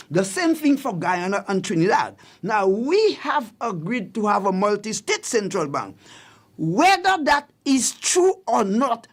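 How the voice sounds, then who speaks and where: A man's voice: high-pitched, fairly bright tone. A man hosting a radio talk show, giving emphatic commentary and repeating his key points for listeners. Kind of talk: radio commentary on public affairs. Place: radio studio.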